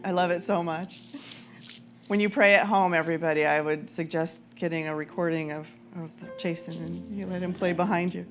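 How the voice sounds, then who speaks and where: A woman minister giving a conversational, animated sermon with frequent laughter, then leading a prayer. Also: fairly low pitch, moderate pace, faint music behind.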